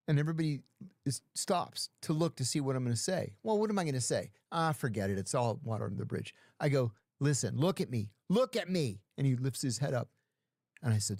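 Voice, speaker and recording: A man's voice: medium pitch, sing-song, a little fast, a little mellow, no echo, studio quality. A middle-aged man telling stories in casual talk, acting out other people's lines as he goes. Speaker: podcast guest. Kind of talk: casual storytelling.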